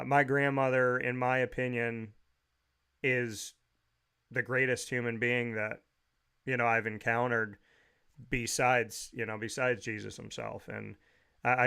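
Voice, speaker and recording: A man's voice: mid-range voice, fairly bright tone, clear, resonant tone. A man hosting a talk show, telling heartfelt family memories in a rambling way with frequent restarts.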